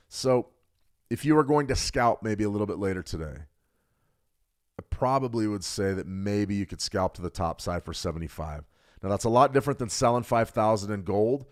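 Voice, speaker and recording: Fast-talking man hosting a trading stream. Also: on the low side. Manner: fast, animated, jokes with viewers. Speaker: trading show host. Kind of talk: live market analysis with chat replies.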